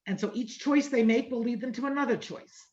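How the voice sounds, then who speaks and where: A middle-aged woman teaches an online Torah class as an informal lecture, her voice a little high and a little fast with a darkish tone. She talks conversationally, repeating phrases and often asking "right?" to check in with listeners. The audio is dull, lo-fi online class sound.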